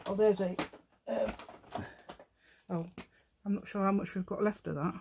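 A woman's voice: medium pitch, measured pace, darkish tone, a little hiss or hum. A middle-aged woman hosting a casual crafting tutorial, chatting as she works, thinking aloud, poking fun at herself and humming little tunes. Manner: chatty, thinks aloud, self-mocking, hums and sings to herself. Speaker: craft channel host.

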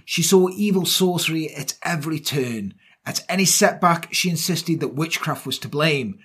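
A man with a husky, slightly raised voice narrates a true-crime case for a podcast. He moves from reading the notes to casual, joking banter, swearing freely as he goes. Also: on the high side, moderate pace, fairly bright tone. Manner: reads the case notes, then jokes and laughs with his co-host, swearing freely.

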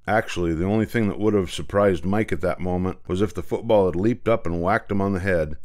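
An older man reading a children's book aloud, with a lively, expressive delivery. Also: sits low, fairly quick, few pauses. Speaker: storyteller.

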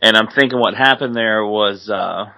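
A man's voice: on the low side, moderate pace, vocal fry, pushed and bright. A man reasoning things through in casual podcast chat. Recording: muffled lo-fi recording.

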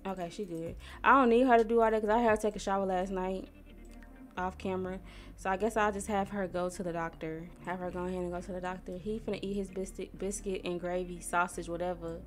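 Young woman, slangy gameplay chatter, mid-pitched voice, soft music behind. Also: fairly even intonation. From Missouri, USA. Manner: chatty, talks to herself and the characters, slangy, quick to get annoyed. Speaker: gaming YouTuber. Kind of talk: casual gameplay commentary.

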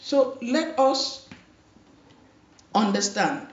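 A woman pastor delivers her sermon at a slow, deliberate pace, repeating her key phrases and calling out for amen. She sounds distant, with a roomy echo and a dull, lo-fi tone. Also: on the high side, expressive. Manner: emphatic preaching with repeated phrases and calls for amen.

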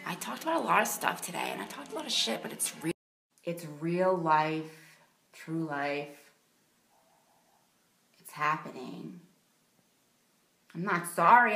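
A young adult woman ranting in a vlog, blunt and profane, swinging between loud outbursts and quiet mutters. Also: lowish voice. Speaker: vlogger.

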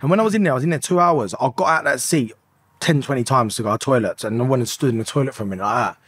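A man's voice: medium pitch, very fast, fairly bright tone, husky, dry recording, clean studio sound. A man in his thirties, a podcast guest, telling his story in an emotional, rambling way and swearing often. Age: 30s. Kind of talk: candid confessional storytelling.

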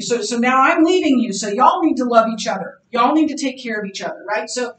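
A woman leads a church Bible class in an earnest, conversational manner, reading scripture aloud and thinking aloud with restarts. Her voice sits a little high. The room sounds roomy, and she stands some way off the mic. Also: expressive, brisk, recorded from a distance, slight background noise.

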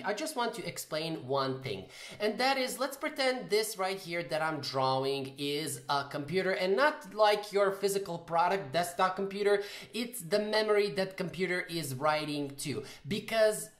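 A man's voice: sits high, animated, normal speed, a bit bright. A man giving a casual coding tutorial, thinking aloud and correcting himself as he types. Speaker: programming tutor. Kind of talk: screen-recorded coding tutorial. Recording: roomy echoey room.

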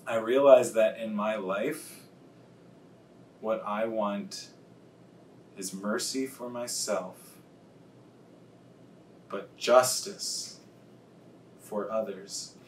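A man with a lowish voice preaches earnestly as a pastor, leaning on key words by slowing right down. He sounds a little distant from the microphone in a reverberant room. A faint rumble runs underneath. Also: steady tone. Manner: earnest, confessional, slows to stress key words. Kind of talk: sermon.

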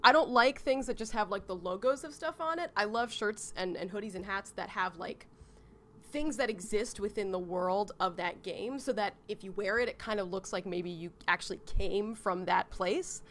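A woman streamer chatting casually and reading a visual novel aloud, excitable and full of laughs. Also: mid-range voice, normal speed.

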